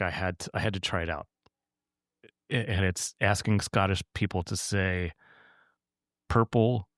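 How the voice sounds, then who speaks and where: A man with a fairly low voice co-hosts a casual podcast and tells stories in a rambling way, full of restarts and little laughs. The sound is dry and close, with no room around it. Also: no room sound. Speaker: podcast co-host. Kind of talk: casual chat.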